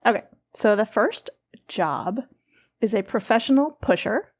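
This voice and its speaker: A woman hosting a podcast in casual chat, chatty and quick to laugh. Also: a little high, animated, no echo. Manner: giggly, chatty. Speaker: podcast co-host.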